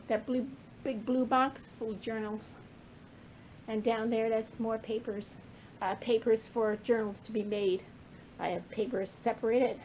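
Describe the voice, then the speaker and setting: A woman's voice: fairly high pitch, warm tone, slight background noise, low-quality recording. An older woman giving a casual, rambling show-and-tell of her craft supplies, slightly out of breath and correcting herself as she goes. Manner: rambling, chatty, self-correcting. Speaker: craft vlogger.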